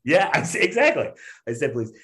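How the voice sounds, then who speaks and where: A man's voice: a little high, fairly quick. A man telling a story in casual chat, full of fillers and restarts, laughing often and acting out what people said. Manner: animated storyteller, acts out quotes, laughs often. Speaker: stand-up comedian guest.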